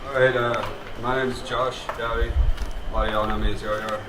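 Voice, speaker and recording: A man speaking quietly at an outdoor memorial on behalf of a friend. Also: mid-range voice, level tone, moderate pace. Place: outdoor gazebo. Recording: echoey, distant, noisy.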